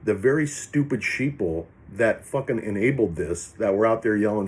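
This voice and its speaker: A man's voice: on the low side, normal speed, few pauses, darkish tone. A man vlogger delivering ranting political commentary in an angry, profane, rambling way.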